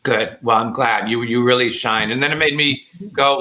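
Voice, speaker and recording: A man's voice: mid-range voice, moderate pace, sharp tone. A man appearing as a guest actor on a video-call chat, gushing with praise for his colleagues. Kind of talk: casual chat on a live stream.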